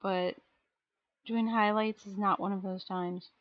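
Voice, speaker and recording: A woman's voice: mid-range voice, steady tone, unhurried, dry recording, muffled recording. A woman live streaming as she paints miniatures, chatting casually and self-deprecatingly while answering her chat.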